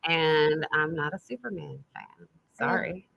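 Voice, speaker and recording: A woman's voice: deep voice, animated, measured pace, creaky, bright, forceful tone, dull audio. A woman on a convention panel talking emphatically and repeating her points. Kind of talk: casual panel discussion.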